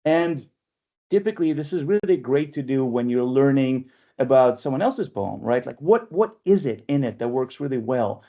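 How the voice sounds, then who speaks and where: In dull, lo-fi webinar audio picked up by a computer mic, a man leads an online poetry workshop, his medium-pitched voice dark in tone with lively intonation. A workshop leader and press editor, he lectures chattily, keeps asking "right?", and reads verse slowly and carefully.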